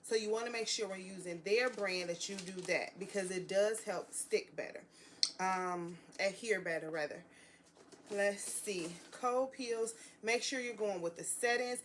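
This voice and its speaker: A woman's voice: mid-range voice, measured pace, background noise. A woman vlogging a crafting tutorial, gushing and chatty, talking straight to her viewers as y'all.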